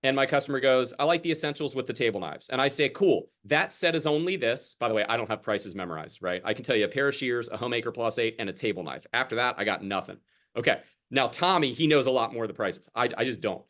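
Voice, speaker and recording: A man's voice: medium pitch, lively intonation, fast talker, fairly bright tone. A young man coaching a sales team over a video call, chatty and casual, acting out exchanges with customers. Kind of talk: sales training talk on a group video call.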